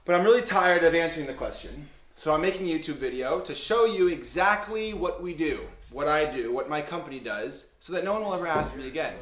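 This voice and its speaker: Excitable young man telling a story. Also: a little high, fairly quick, hardly any pauses. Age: young adult. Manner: animated, profane, excitable storytelling. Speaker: vlogger and insurance agency owner. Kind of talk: casual storytelling to camera. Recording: roomy echo.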